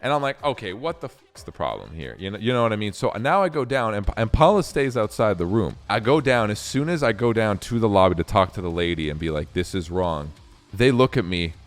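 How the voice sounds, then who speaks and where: Animated, profane young man telling a story. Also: on the low side, a little fast. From Canada. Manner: animated, profane, rambling with many fillers. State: recounting a sleepless night drive. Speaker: streamer. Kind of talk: casual storytelling.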